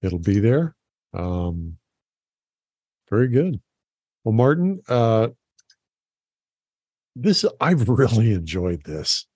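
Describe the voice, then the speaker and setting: A man's voice: on the low side, very animated, takes it slowly, pauses often, darkish tone, husky, no echo. A man hosting a podcast, easygoing and full of small fillers as he wraps up the talk. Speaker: podcast host. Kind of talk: casual interview chat.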